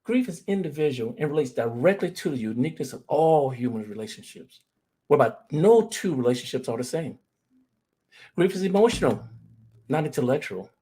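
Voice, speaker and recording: A man with a fairly high, sing-song voice speaks briskly, his tone dark and slightly rough. He gives an earnest talk on grief, sharing personal stories and calling the audience "fam" as if they were family.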